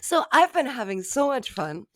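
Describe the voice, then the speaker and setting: A woman's voice: high voice, big pitch swings, moderate pace, a bit bright, no room sound. Giggly woman podcast co-host, dry sound. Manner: giggly, self-amused storytelling. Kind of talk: casual chat.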